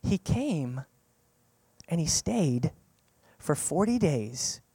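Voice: medium pitch, very animated, drawn-out words, mellow, breathy edge, dry recording. A preacher giving a sermon in an emphatic, conversational way, repeating key phrases for stress and asking the listeners questions.

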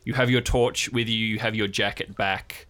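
A man narrating as game master, relaxed and halting, with frequent fillers. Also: fairly low pitch.

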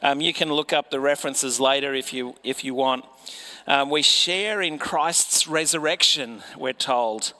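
A man's voice: medium pitch, unhurried, bright, forceful tone. A man preaching a sermon in a conversational way, often putting rhetorical questions to his listeners.

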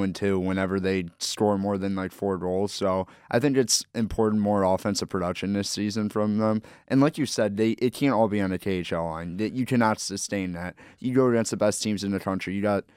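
A young man co-hosts a sports podcast in a low, smooth, resonant voice. His sound is dry and close to the mic. He offers easygoing opinions, often hedging as he talks. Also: normal speed, few pauses, dry recording. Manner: relaxed, hedging analysis. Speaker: podcast co-host. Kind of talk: casual sports podcast chat.

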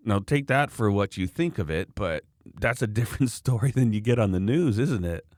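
A man's voice: lowish voice, normal speed, no room sound, clean studio sound. A man talking in a casual, opinionated, rambling way, acting out the people he quotes. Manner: opinionated, rambling, animated quoting. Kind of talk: casual political chat.

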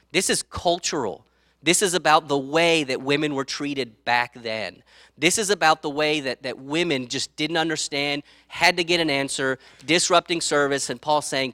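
A man's voice: mid-range voice, steady tone, moderate pace, pushed and bright, no room sound, clean studio sound. A man preaching a sermon as pastor, conversational, checking in with the congregation and acting out quoted voices. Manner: conversational, tag questions to the audience; acts out quoted speech.

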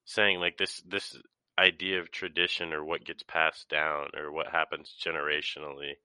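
A man's voice: very deep voice, little pitch movement, moderate pace, bright, forceful tone, clear, resonant tone, dry recording. A young man in a casual film talk, thoughtful and analytical, hedging as he goes.

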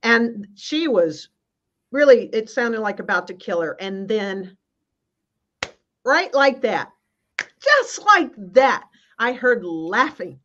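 A woman guest minister telling a personal spiritual story on a video call, in an earnest, halting way with many restarts. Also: on the high side, animated, fairly bright tone. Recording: slightly muffled.

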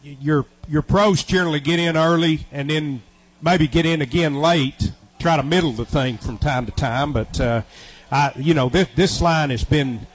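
A man co-hosts sports radio and works through betting lines in a measured way, often restarting. His voice is a bit high. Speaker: radio co-host.

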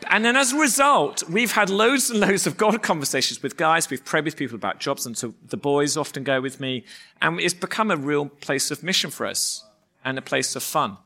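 A man, a pastor, preaching with lively stories and acting out voices. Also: on the high side, moderate pace. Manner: animated, acts out voices in anecdotes. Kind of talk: sermon with storytelling.

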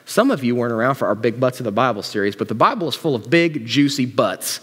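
A man preaching a sermon as a pastor, speaking casually and joking while telling the story in an animated way. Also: mid-range voice, fast talker, husky. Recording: long church-hall reverb.

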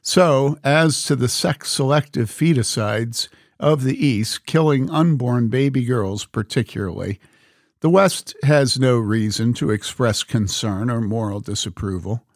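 A man reading a book aloud in a measured, earnest way, speaking the quote marks as he goes. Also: mid-range voice, dry recording, clean studio sound. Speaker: reader.

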